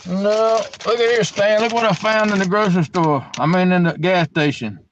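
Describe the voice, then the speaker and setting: A man's voice: high voice, moderate pace, muffled recording, slight background noise. A middle-aged man, chatting casually on a live stream from a gas station at night, drawling and repeating his words. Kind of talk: casual chat.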